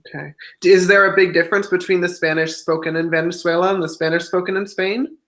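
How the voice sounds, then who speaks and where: A host runs a casual livestream interview over a webcam mic, speaking at a middle pitch. The host listens attentively, backs the guest with steady mm-hmms, and asks open questions. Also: fast. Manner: attentive, frequent mm-hmm backchannels.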